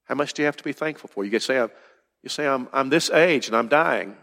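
A man's voice: medium pitch, expressive, fast, gravelly, sharp tone. An older man preaching a conversational sermon to his congregation in church, with emphatic questions. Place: church hall. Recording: roomy hall reverb.

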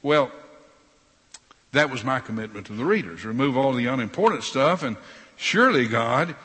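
A preacher voicing a defensive older woman who pleads her excuses in a slightly raised, husky voice. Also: medium pitch, lively intonation, moderate pace, a bit bright. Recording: long hall reverb.

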